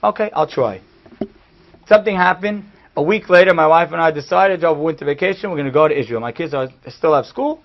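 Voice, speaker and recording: A man giving a storytelling sermon, animated and acting out the people he quotes, in a dull lo-fi recording. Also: fairly high pitch, fast talker, few pauses. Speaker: speaker giving a talk.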